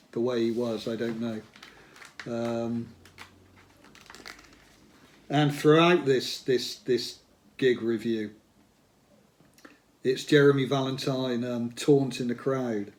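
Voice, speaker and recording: A man in his sixties talking casually as he leafs through old magazines. He reminisces in a chatty, unscripted way, hesitating on ums and uhs. His voice sits at an ordinary middle pitch for a man. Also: darkish tone. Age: 60s. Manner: chatty and reminiscing, pauses on fillers, gets enthusiastic. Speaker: host looking through old music magazines. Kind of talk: casual spoken commentary.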